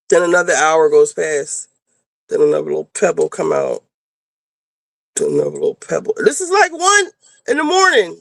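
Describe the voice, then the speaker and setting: A woman's voice: fairly high pitch, vocal fry, a bit bright, no room sound. A woman panelist in casual chat, talking bluntly and rambling with plenty of swearing. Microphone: video call.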